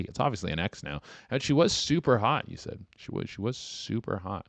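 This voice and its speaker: A man's voice: lowish voice, sing-song, fairly quick, creaky, few pauses, no echo. A man hosting a comedy podcast, reading listener write-ins aloud and riffing crudely on them, acting out both sides of the scenes he describes. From Canada. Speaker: podcast host.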